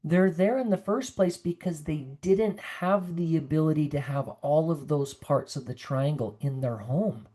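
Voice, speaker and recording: A woman's voice: low-pitched, unhurried, few pauses, warm tone. A woman nurse practitioner giving an earnest, conversational online presentation to caregivers over a video call, sometimes acting out the voices of the people she quotes.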